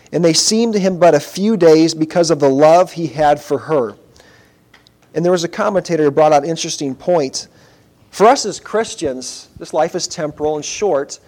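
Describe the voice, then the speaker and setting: A man delivering a sermon in a voice a little higher than most. He speaks earnestly but in a conversational tone, now and then turning to address the congregation directly. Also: a little mellow. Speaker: pastor.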